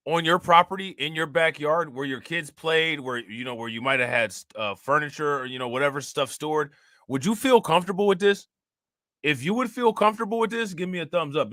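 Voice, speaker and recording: A man's voice: fairly high pitch, pushed and bright, no echo, studio quality. A man hosting a commentary stream, reacting to news clips in a casual, indignant way and talking straight to his viewers.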